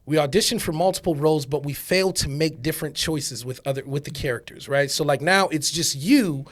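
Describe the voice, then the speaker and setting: A man hosting a casual podcast chat, often repeating words and using fillers as he gets his point across. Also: a little high. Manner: halting, repeats words and uses many fillers. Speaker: podcast host.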